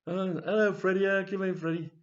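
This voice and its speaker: A man's voice: high voice, little pitch movement, a little fast, pitched above the performer's own voice, close to an everyday voice. Man playing cheerful grandad, homely and welcoming; dull lo-fi. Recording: dull lo-fi recording.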